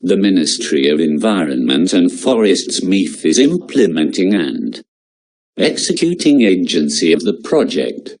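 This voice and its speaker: A man reading out exam-prep lecture notes in a slow, measured way. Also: deep voice, very animated, a little mellow.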